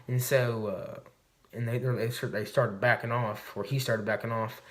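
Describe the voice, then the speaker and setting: A man's voice: mid-range voice, fairly even intonation, unhurried. A man vlogging to camera, telling a hunting story in a rambling, swearing, casual way. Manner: rambling and profane, recounting a hunt.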